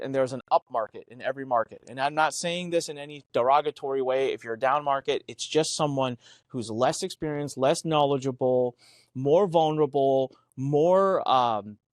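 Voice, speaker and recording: Recorded in a clean studio free of room sound, a man with a mid-range voice speaks at a moderate pace. As co-host of a lively business podcast, he tells stories emphatically, acts out what others said, and swears offhandedly.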